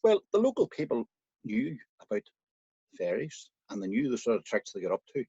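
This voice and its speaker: A man with an Irish accent telling a folk tale in a lively, conversational way, speaking straight to his listeners. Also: medium pitch, normal speed, vocal fry, husky, no room sound, muffled recording. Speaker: storyteller.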